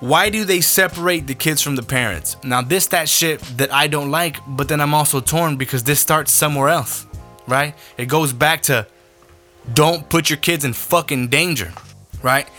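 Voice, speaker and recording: A man's voice: a little high, moderate pace, sharp tone, faint music behind. Blunt, profane man ranting on a podcast. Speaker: podcast host. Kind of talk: opinionated podcast rant.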